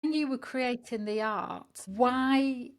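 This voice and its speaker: A woman's voice: fairly high pitch, slow pace. A woman hosting an interview, reflecting on and summing up what her guest says. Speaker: interview host.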